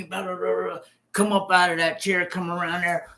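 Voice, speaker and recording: A man's voice: high-pitched, moderate pace, sharp tone. Man telling a profane prison story. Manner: profane, repetitive, acts out the scenes with sound effects. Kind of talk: casual spoken storytelling.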